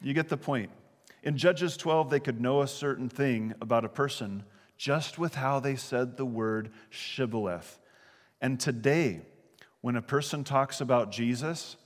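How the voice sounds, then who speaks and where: Earnest preaching man in a reverberant hall. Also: medium pitch. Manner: earnest, conversational preaching with light laughter. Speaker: pastor. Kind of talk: sermon.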